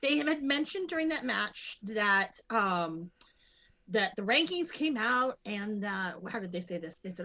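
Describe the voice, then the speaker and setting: A woman talks through wrestling matches in a loose podcast chat, her pitch sitting in a middle range. She rambles, trails off, restarts and leans on fillers, and she can break into loud excited yelling. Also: unhurried. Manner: bursts into loud excited shouting. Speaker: guest co-host.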